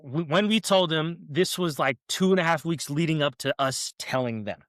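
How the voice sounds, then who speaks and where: A man's voice: on the high side, moderate pace, no echo, clean studio sound. A young man, a podcast guest, telling a story in casual chat and acting out what people said to him. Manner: animated, acts out quotes in raised voices.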